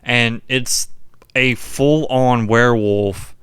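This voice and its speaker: A laid-back young man narrating movie scenes for a podcast in loose, profane chat. He has a smooth, clear mid-range voice, recorded dry and close. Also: mid-range voice, fairly even intonation, slow, a bit bright, no echo. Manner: laid-back storytelling, swears, fills with "like". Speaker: podcast co-host. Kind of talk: casual movie recap chat.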